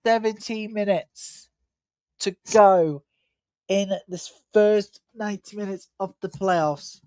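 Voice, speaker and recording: A woman's voice: mid-range voice, slow, warm tone, dry recording. A tired woman hosting a live football watch-along, chatting and commenting on play in a rambling, chatty way. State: tired, yawning. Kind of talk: live match commentary and chat.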